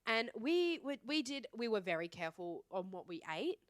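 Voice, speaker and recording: A young woman, co-hosting a podcast in a playful, animated, storytelling chat. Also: fairly high pitch, moderate pace, no room sound, clean studio sound. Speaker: podcast co-host. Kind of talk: casual chat.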